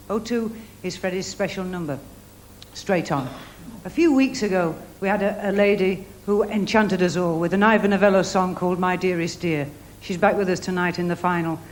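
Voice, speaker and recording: A host on a live TV talent show, giving brisk, jokey introductions to acts and phone-vote numbers. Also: medium pitch, slight background noise. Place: TV studio stage before a live audience.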